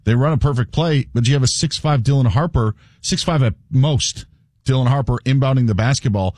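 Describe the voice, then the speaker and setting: A man's voice: mid-range voice, a little fast, darkish tone, no room sound. A man on a sports radio show breaking down a game play in an emphatic, analytical way.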